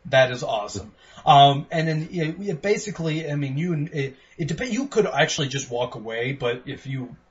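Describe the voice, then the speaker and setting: A man co-hosting a podcast game review, ranting profanely and excitedly while acting out quotes. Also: fairly high pitch, moderate pace. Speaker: podcast co-host. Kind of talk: casual game review chat. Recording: dull lo-fi sound with faint noise.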